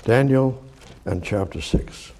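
A man preaching a sermon in an animated, rambling way, often restarting his sentences. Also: medium pitch, takes it slowly, gravelly.

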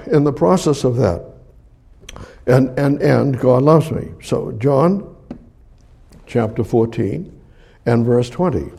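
Male preacher, husky and gravelly, dark mellow tone, emphatic and repetitive sermon delivery, loud peaks and hushed lows. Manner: emphatic, repetitive, swings between loud declarations and soft near-whispers.

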